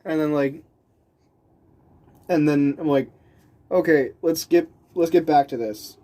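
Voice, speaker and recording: A man's voice: a little high, slow pace. Rambling, laughing male storyteller. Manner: rambling, restarts sentences, laughs often; animated, voices the people he quotes. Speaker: vlogger telling a story. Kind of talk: casual storytelling.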